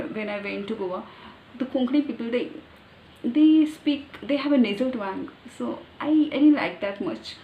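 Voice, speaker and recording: A woman with an Indian English accent talking casually about learning pronunciation, thinking aloud with many pauses and fillers. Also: fairly high pitch, darkish tone, slight background noise. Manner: halting, thinking aloud, with fillers and demonstrated sounds. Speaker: language learner. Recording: echoey room, faint ambience.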